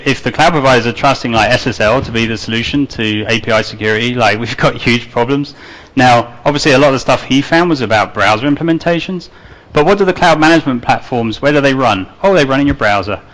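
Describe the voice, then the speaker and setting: Speaking with a non-native English accent he calls his own, a man gives a conference talk to a live audience. He's chatty and loose, with many fillers and restarts. His mid-range voice is a bit bright, captured in a low-quality recording.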